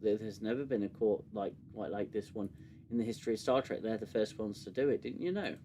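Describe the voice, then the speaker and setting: A man's voice: lowish voice, fast talker, warm tone, slight background noise. A man hosting a casual review chat, sarcastic and exasperated, often restarting his sentences. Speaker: podcast host.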